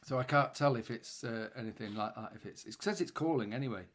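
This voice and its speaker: A man's voice: mid-range voice, quick pace, fairly bright tone. A man co-hosting a podcast in casual chat, talking in a flustered, self-deprecating, chatty way. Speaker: podcast co-host.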